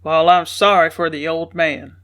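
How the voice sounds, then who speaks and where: A woman doing a gruff, booming old rancher. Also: unhurried, fairly bright tone. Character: gruff hulking older male ranch boss.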